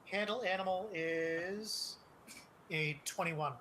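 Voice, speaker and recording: A man's voice: sits high, slow, pushed and bright, slight background noise. A man playing a tabletop game, chatty and joking. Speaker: player. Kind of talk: casual game-table chat.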